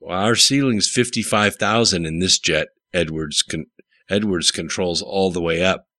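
A dutiful jet pilot, read by a man, formal and respectful with urgency underneath. The voice sits a bit above a deep natural register and sounds bright. The recording is dry and close. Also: measured pace, no room sound. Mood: matter-of-fact.

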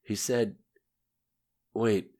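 A man reading an audiobook, voicing a tough, injured young female agent who speaks roughly and with strain. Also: on the low side, steady tone, very slow, a little mellow, pitched above the performer's own voice. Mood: dazed, pained.

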